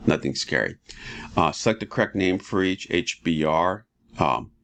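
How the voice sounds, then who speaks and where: A man teaching chemistry in a relaxed, casual lecture, walking students through each step and often asking "right?". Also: normal speed. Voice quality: very deep and gravelly. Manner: relaxed, talks students through steps with frequent rhetorical "right?".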